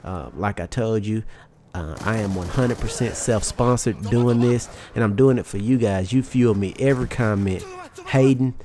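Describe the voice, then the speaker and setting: With a mellow voice on the low side and a moderate pace, a young YouTube commentator talks over his gameplay in a thick Southern US twang. His casual pep talk is candid, rambling, and full of swearing, with slight background noise.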